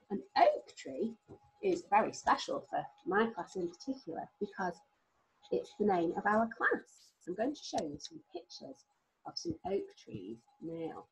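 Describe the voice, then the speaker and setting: A woman teaching a recorded phonics lesson to young children, sounding out words slowly in a sing-song way. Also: mid-range voice, vocal fry, a little mellow, slightly rough, rough recording. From England. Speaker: reception class teacher.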